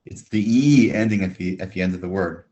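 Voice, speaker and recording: A man with a low, deep voice gives a beginners' language lesson. He explains each word slowly and clearly, breaking the sounds apart for learners. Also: dark tone, muffled recording. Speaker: Hebrew teacher.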